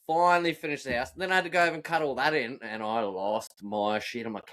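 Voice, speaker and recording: A man's voice: medium pitch, fast talker, hardly any pauses. A man, a podcast co-host and roofer, telling rowdy, profane work stories in casual chat. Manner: profane, animated storyteller acting out rants.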